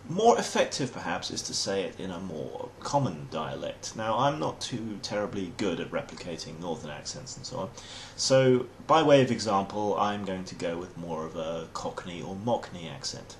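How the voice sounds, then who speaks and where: English guy, kinda deep, bouncy up and down delivery, dry mock-posh humor. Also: expressive, moderate pace, hardly any pauses, a little hiss or hum. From England. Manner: dry, wry and mock-formal. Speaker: host. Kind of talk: comic explainer monologue.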